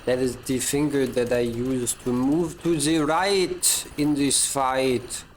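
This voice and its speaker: A man streaming a game live, rambling in casual chat with self-mocking jokes and drawn-out fillers. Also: medium pitch, fairly even intonation, a little hiss or hum.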